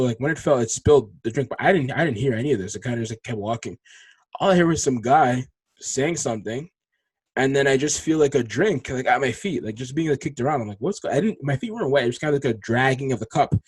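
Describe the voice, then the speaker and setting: Fast-talking young man on a dry mic. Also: slightly rough, no echo. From Congolese heritage. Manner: rambling and animated, slangy, swings from low mutters to loud excited outbursts. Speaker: podcast host. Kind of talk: casual solo podcast storytelling.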